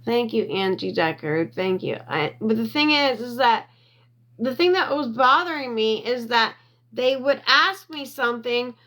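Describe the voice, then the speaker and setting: A woman livestreaming from her phone, reading viewer comments, getting worked up and loud, repeating herself and defending her character. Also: a little high, measured pace. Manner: reads and answers viewer comments. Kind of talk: emotional livestream chat.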